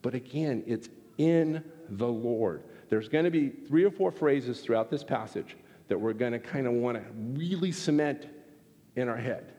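A pastor delivering a sermon, animated and acting out little exchanges as he teaches. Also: mid-range voice, moderate pace. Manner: animated, acts out quoted exchanges. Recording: long hall reverb.

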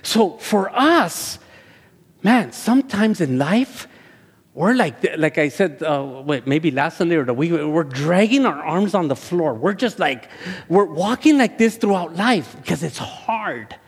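A male pastor who speaks Spanish as his first language, preaching a sermon that swells into loud, high-pitched passion. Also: big pitch swings, unhurried, slightly rough. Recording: echoey hall with long reverb.

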